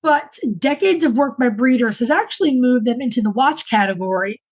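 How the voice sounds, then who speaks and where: Woman co-host, fairly high voice, easygoing banter with dry wit. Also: expressive, a little fast, a little mellow, poor audio. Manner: chatty, dry humor. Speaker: podcast co-host. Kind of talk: casual chat.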